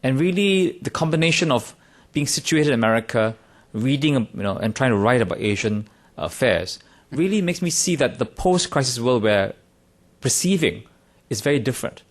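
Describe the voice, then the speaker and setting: Lively, wry man from Singapore. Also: mid-range voice, normal speed. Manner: wry, self-deprecating, lively emphasis. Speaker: conference speaker. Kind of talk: conference talk. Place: conference room.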